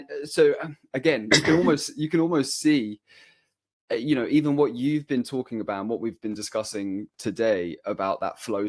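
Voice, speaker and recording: A man's voice: mid-range voice, dry recording. A man hosting a podcast, chatting eagerly with rambling restarts and fillers. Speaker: podcast host. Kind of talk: casual conversation.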